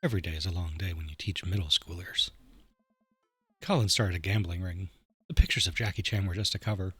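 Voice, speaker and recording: A man's voice: deep voice, brisk, bright, forceful tone, slightly rough, no room sound, voice pushed down, heavily acted. A man voicing a weary middle-aged teacher. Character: tired middle-aged male schoolteacher.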